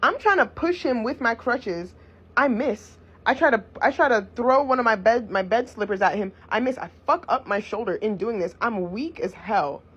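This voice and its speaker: A young woman vlogger telling a personal story in a blunt, profane, animated way. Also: fairly high pitch, normal speed, breathy edge. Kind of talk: casual storytime vlog. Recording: dull lo-fi recording.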